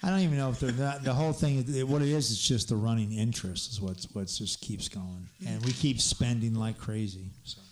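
A man's voice: medium pitch, brisk, hardly any pauses. Laid-back folksy man chatting. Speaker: co-host. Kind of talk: casual talk.

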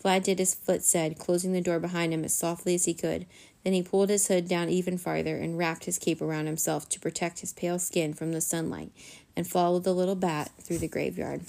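A woman reading a children's chapter book aloud in a gentle, steady storytelling manner. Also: fairly low pitch, fairly quick, gravelly. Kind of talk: bedtime story narration.

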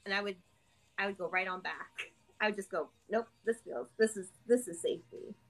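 A woman in a live-stream conversation, speaking in an animated way and coaching herself aloud in quoted inner voices. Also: medium pitch, moderate pace, soft background music, low-quality recording.

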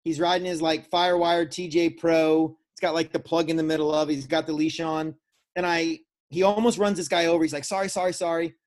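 A young man from Florida, co-hosting a casual podcast, telling stories in an animated way and acting out what other people said. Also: fairly high pitch, brisk. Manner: animated storyteller who acts out quoted voices. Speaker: podcast co-host. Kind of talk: casual chat, storytelling.

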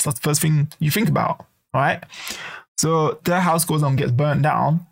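Guy with a gravelly voice ranting casually, kinda high, swears a lot. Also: unhurried. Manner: ranting, swearing, animated, acts out quoted voices. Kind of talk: casual monologue to camera.

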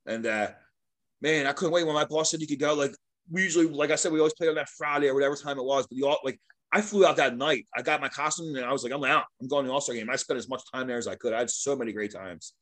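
A middle-aged man, a guest and longtime sports mascot, telling stories in a casual, animated way, laughing often and acting out what others said. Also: medium pitch, fast talker. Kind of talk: casual storytelling.

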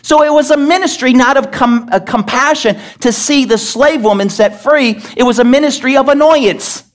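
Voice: high-pitched, moderate pace. A pastor preaching a sermon to a congregation, emphatic and pressing them with questions. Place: church service.

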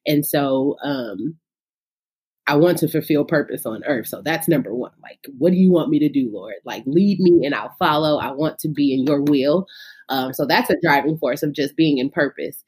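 Fervent low-voiced woman in her thirties. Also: moderate pace, darkish tone, slightly rough. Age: 30s. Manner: testifying about faith with fervor. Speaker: singer and podcast guest. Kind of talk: casual interview.

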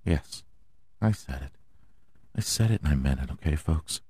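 A man hosting a sports podcast, running through the standings with crude jokes, sudden loud outbursts, sing-song bits and laughter at his own gags. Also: extremely low pitch, lively intonation, moderate pace, slightly rough, no echo. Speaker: podcast host. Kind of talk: profane comedic sports rundown.

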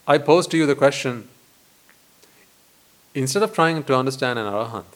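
Speaking at a medium pitch, a male Buddhist monk gives a deliberate dharma talk. Rhetorical questions and repeated phrases fill his speech.

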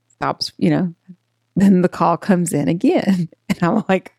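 Animated woman telling a story, low-ish voice. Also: a little slow, creaky, long pauses, breathy edge, dry recording, studio quality. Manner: animated, laughing, acts out quotes. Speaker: podcast co-host. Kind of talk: casual storytelling chat.

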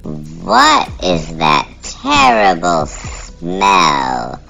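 Brief: a gloating masked killer, robotic filter, rumbling gravelly depths, crawling pace. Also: male voice, huge pitch swings, pushed and bright, soft background music, heavily acted. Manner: gloating, slow and sinister. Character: menacing masked clown killer, mechanical-voiced. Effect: mechanical voice changer.

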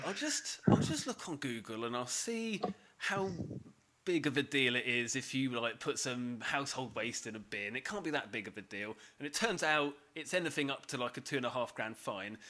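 A man's voice: mid-range voice, pushed and bright, a little hiss or hum. A man on a podcast, animatedly telling a story through laughter and swearing. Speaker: podcast co-host. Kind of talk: casual storytelling chat.

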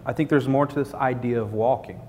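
A pastor preaches a sermon earnestly and conversationally, building his points through repetition. His voice is steady and dark, a little fast, and the recording carries a long hall reverb with a faint rumble.

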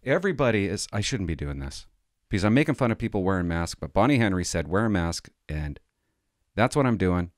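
A man's voice: low-pitched, sing-song, brisk, no room sound, clean studio sound. A middle-aged man telling a rambling, self-mocking comic story to his vlog audience. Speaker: vlogger.

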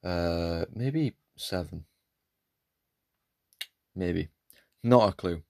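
A man's voice: deep voice, drawn-out words, gravelly, mellow, no room sound, studio quality. A young man in his late teens from England, hosting a casual solo podcast in a rambling, jokey, self-deprecating way. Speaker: podcast host.

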